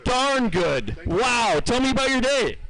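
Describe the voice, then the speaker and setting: A man's voice: very high-pitched, big pitch swings, measured pace, fairly bright tone, rough recording. A man emceeing a live fishing tournament weigh-in outdoors, upbeat and chatty, reading out each weight twice. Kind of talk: live event announcing.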